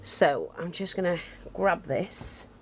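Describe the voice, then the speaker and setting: Working close to the camera, a woman talks through a casual craft project, chatty, self-deprecating and thinking out loud. Her voice is on the low side and animated, though she takes it slowly. The camera near her hands catches her breathing, along with a little hiss or hum.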